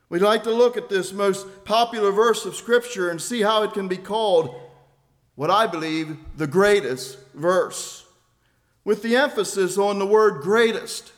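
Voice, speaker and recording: A man preaching a sermon in an earnest, deliberate way, repeating key phrases for weight. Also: sits high.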